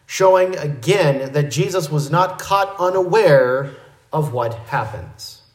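A fairly high-voiced man preaching a verse-by-verse sermon. He explains carefully in a measured, teaching way. His voice rings around a roomy, echoing space. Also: animated. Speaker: pastor. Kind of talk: expository sermon.

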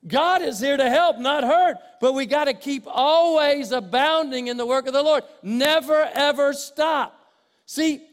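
An older man preaching a sermon as pastor in a church, swinging from loud preaching to quiet, conversational asides. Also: extremely high pitch. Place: church sanctuary with congregation. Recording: long hall reverb.

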